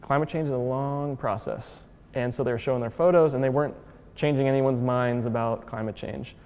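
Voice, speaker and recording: A man's voice: mid-range voice, steady tone, a little fast, a little mellow, clean tone. Chatty man lecturing in a reverberant hall. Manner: chatty and upbeat, heavy use of "like" and "uh"; acts out quotes with voice shifts. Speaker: museum founder giving a lecture. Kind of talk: casual lecture.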